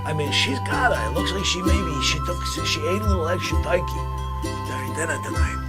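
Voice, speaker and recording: A man voicing a brash, grumbling middle-aged guy from the Bronx, rambling complaints and bursting into shouts. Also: on the high side, expressive, a little fast, close to an everyday voice. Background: music.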